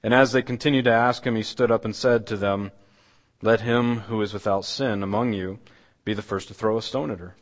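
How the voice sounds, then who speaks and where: Pastor with a hushed storytelling sermon voice. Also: male voice, fairly low pitch, steady tone, fairly quick, long reverb tail. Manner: retelling scripture dramatically, dropping to a hush. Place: church.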